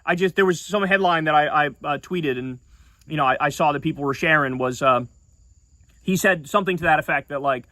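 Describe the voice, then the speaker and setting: A man's voice: a little high, animated, brisk, sharp tone, dry recording. A man giving heated, sarcastic and profane political commentary in a video.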